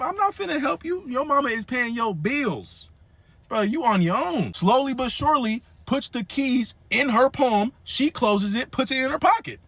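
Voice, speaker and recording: Animated high-voiced storytelling man. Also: no room sound. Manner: animated and slangy, repeating "you feel me". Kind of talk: comedic storytime.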